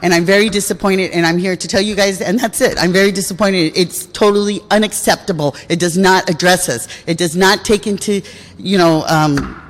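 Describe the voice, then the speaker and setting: A woman's voice: lowish voice, fairly quick, a little hiss or hum. A woman giving an emotional public comment at a city meeting, upset and repeating herself. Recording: echoey council chamber.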